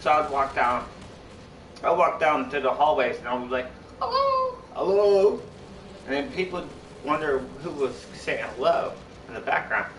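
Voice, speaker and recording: A man's voice: mid-range voice, normal speed, fairly bright tone, slight background noise. A young man live-streaming, chatting casually to his viewers in a rambling, repetitive way that keeps restarting its sentences. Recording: echoey room, far from mic.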